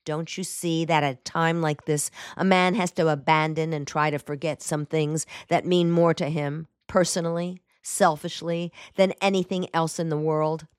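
A woman's voice: deep voice, level tone, moderate pace, few pauses, clear, resonant tone, no room sound, clean studio sound, close to an everyday voice. A woman voicing an earnest young male soldier who speaks in terse, clipped sentences.

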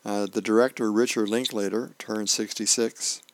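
A man's voice: lowish voice, level tone, normal speed. A man, a volunteer reader for a radio reading service, reading newspaper comics and birthdays aloud, lightly voicing the dialogue. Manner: reads comic dialogue with small voice changes.

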